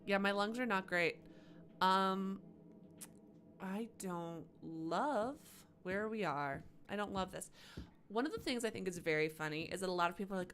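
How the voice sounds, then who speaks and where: A woman's voice: mid-range voice, moderate pace, fairly bright tone, a little hiss or hum. A woman streaming a game live, chatting with sarcastic asides about what she sees. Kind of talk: live gameplay commentary.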